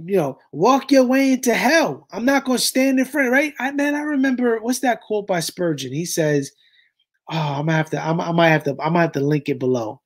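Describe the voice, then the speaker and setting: Impassioned preachy commentary host. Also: male voice, sits high, expressive, fairly quick. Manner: impassioned, preachy, addresses listeners as "y'all". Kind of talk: reaction commentary.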